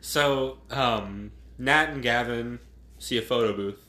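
A man's voice: mid-range voice, takes it slowly, bright, forceful tone. A man co-hosting a podcast, laughing often and recapping a movie's plot in a casual chat. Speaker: podcast co-host. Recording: roomy echo.

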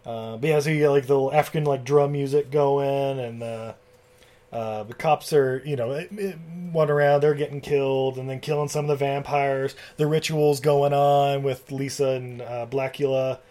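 A man with a mid-pitched voice talks loosely through a film's plot, swearing freely. He trails off in fillers, restarts his sentences and breaks into laughter. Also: steady tone, normal speed, mellow. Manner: rambling, profane, laughs often. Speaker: podcast co-host. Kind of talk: casual chat recapping a film.

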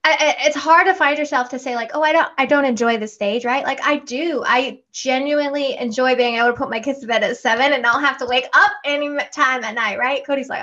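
A woman in her thirties with a fairly high voice chats casually as a podcast host, telling family stories in an animated way. The recording sounds dull and lo-fi. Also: a little fast. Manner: animated storytelling, acts out family dialogue. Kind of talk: casual chat.

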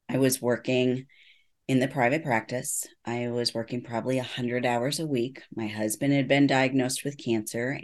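A middle-aged woman, a neuropsychologist, giving earnest personal testimony in an interview. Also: very deep voice. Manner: earnest storytelling, acts out quoted voices. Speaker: neuropsychologist guest.

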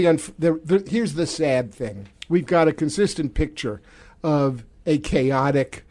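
A man hosting a podcast, giving wry, animated political commentary. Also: on the high side. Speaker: podcast host.

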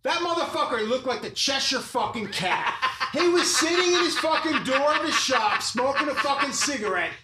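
A man's voice: extremely high pitch, animated, normal speed. A man telling a profane story on a podcast, acting out quotes and swearing constantly. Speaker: tattoo artist telling a story. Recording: roomy echo with faint noise.

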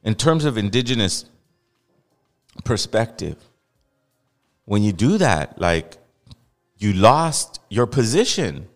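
Blunt low-voiced man hosting a podcast. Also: sing-song, takes it slowly, long pauses, big-room sound, faint music behind. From Los Angeles. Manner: blunt, heated, repetitive emphasis. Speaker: podcast host. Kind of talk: casual opinionated commentary.

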